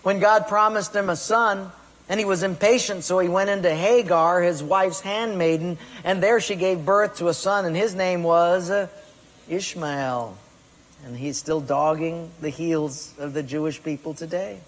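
A man preaching a sermon as pastor, asking the congregation questions and telling jokes in animated voices. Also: high-pitched, a little slow. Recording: long reverb of a large hall.

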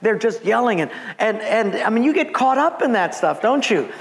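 A man from Hawaii, a pastor, preaching with lively storytelling and acted-out voices. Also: high voice, moderate pace, creaky. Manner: animated, acts out voices, laughs at himself. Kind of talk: sermon with storytelling. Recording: long church reverb, faint background noise.

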